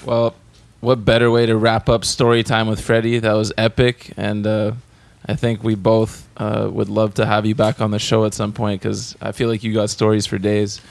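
Gravelly, relaxed male podcast host. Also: on the low side, normal speed, few pauses. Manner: relaxed, slangy, enthusiastic. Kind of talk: casual interview chat.

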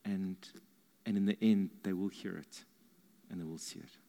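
A man's voice: sits low, steady tone, moderate pace, gravelly, mellow, in a large hall. A man telling his side of a faith story, encouraging and a little self-deprecating. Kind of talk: personal faith testimony.

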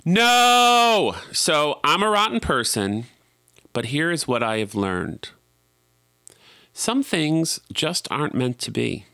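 A man's voice: mid-range voice, sing-song, slow pace, gravelly, pushed and bright, dry recording, clean studio sound. A middle-aged man telling a rambling, self-deprecating, exasperated story in a casual monologue.

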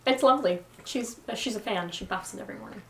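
A playful woman playing a tabletop game, laughing often between quick jokes. Her voice sits in the middle of the range and sounds roomy, caught a little away from the microphone, with a faint hiss underneath. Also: medium pitch, fairly bright tone, distant mic. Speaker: player. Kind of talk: casual tabletop game chat.

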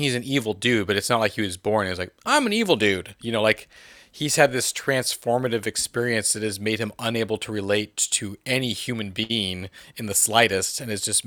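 A man in a casual film discussion, relaxed and agreeable with some casual swearing. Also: lowish voice, no echo, clean studio sound.

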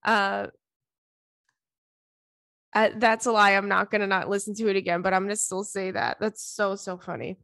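A woman's voice: mid-range voice, fairly even intonation, moderate pace, vocal fry, pauses often, a bit bright, no echo. Female podcast host, casual advice chat, candid and loose with swearing, dry close sound. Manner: candid, swears freely, chatty with fillers.

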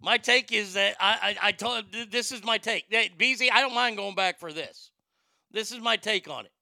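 This podcast host is a blunt, profane man who rambles through casual opinionated chat, restarting sentences as he goes. His voice is high for a man, gravelly and fried, very bright and forceful, at a moderate pace. The recording is dry and close with no room sound.

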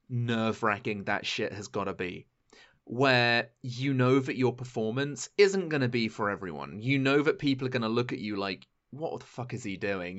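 A British man chatting casually as a podcast co-host, animated and theatrical with frequent swearing. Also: fairly high pitch, muffled recording. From Britain. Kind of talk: casual chat.

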